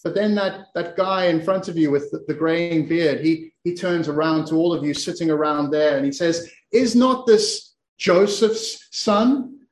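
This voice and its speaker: High-voiced preacher in an echoey room. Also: male voice, steady tone. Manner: repeats and restarts words, slows for emphasis. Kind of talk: sermon, imaginative retelling of scripture.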